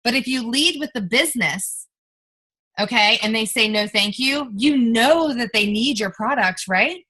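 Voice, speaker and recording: Young woman team leader, peppy pep-talk coach on a video call, bright and slightly high. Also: lively intonation, a little slow, slightly rough, rough recording. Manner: upbeat, coaxing, role-plays scripted pitches to friends. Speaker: network marketing team leader. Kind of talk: motivational sales coaching on a group video call.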